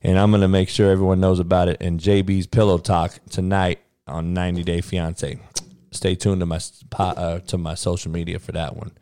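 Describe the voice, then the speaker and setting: Deep-voiced brash, profane man. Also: flat delivery, fairly quick, warm tone, smooth, no room sound. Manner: profane, brash, rambling, says "man" constantly. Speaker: podcast host. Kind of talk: casual solo podcast rant.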